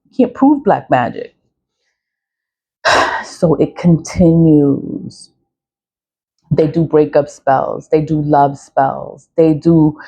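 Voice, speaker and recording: Woman, lowish voice, casual rambling vlog talk, swears a lot, laughs often. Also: dark tone. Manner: profane, laughs often, repeats herself. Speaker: spiritual product vlogger.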